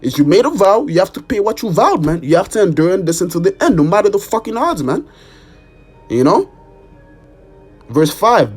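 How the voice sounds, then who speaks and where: A man's voice: high-pitched, big pitch swings, brisk, breathy edge, faint music behind. A man preaching an informal sermon and reading scripture, emphatic, repeating "man" and cursing for emphasis. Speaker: street preacher.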